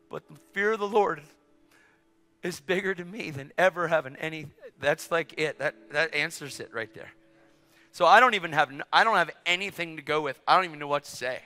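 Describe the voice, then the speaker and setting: An animated male preacher tells his story in a high, bright voice, dropping to hushed asides and rising to shouts. His sermon echoes through a large hall with faint music underneath. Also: brisk. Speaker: evangelist preacher.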